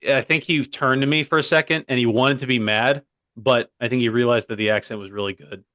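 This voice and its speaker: This young man co-hosts a comedy podcast, his medium-pitched voice bright and pushed, with fairly even intonation at a normal speed. His casual chat drifts into side tracks, and "by the way" keeps popping up. The sound is dry and up close, free of any room reverb.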